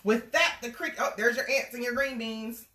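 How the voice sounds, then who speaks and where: A woman's voice: a little high, fairly quick, bright, forceful tone, recorded from a distance. A woman reading a picture book aloud to a child, with playful, chatty asides between pages. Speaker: storybook reader and host. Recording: echoey room, away from the mic.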